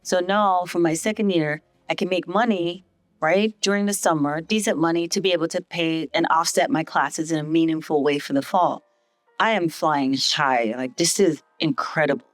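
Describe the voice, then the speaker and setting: With a low-pitched voice at normal speed and no echo, this middle-aged Vincentian woman chats about her life as a podcast guest. She runs a hospital as CEO. Whenever she quotes someone, she lifts her voice and plays the part with lively energy.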